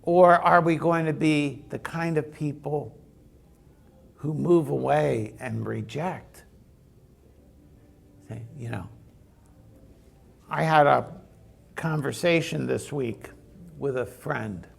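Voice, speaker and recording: A man's voice: on the high side, takes it slowly, vocal fry, pauses often. A man preaching a sermon in a conversational, storytelling way. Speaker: pastor.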